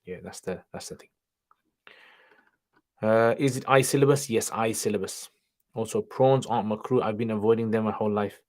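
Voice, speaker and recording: A man's voice: lowish voice, moderate pace, pauses often, a little mellow. A man hosting a casual livestream, reading viewers' questions aloud and answering them offhandedly, sprinkling in Arabic greetings and religious terms. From studied nine years in Pakistan, now in England.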